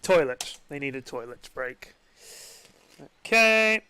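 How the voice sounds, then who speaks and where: A man with a notably high speaking voice casts a video game match in a loose, chatty way. He jokes around and swears freely, as if among friends. The sound is dry and close, with no room around it. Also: expressive, takes it slowly, sharp tone, clear, resonant tone, dry recording. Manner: chatty, profane and joking. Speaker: esports caster. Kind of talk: casual game commentary.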